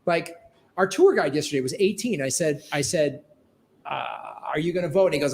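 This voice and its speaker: A man's voice: sits high, animated, moderate pace. A man who is a comedian hosting a casual live-stream chat, earnest and rambling, often cutting himself off mid-sentence. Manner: earnest, rambling, self-interrupting. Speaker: comedian and show host.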